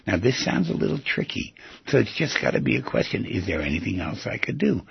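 A man's voice: low-pitched, sing-song, a little fast, gravelly, breathy edge, dry recording. A man teaching an inner-dialogue exercise, speaking in an earnest, coaching manner, recorded on a dull lo-fi track. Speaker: self-help teacher. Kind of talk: guided instruction.

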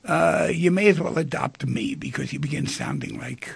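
A man's voice: a little high, big pitch swings, normal speed, creaky, breathy edge. A man hosting a call-in radio show, speaking animatedly and acting out the dialogue in the stories he tells. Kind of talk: talk radio discussion.

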